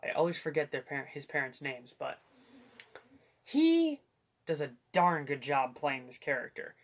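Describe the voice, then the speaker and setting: A man's voice: mid-range voice, fairly even intonation, brisk, fairly bright tone. A young man hosting a casual comic book movie review, joking and rambling with self-deprecating asides. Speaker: host.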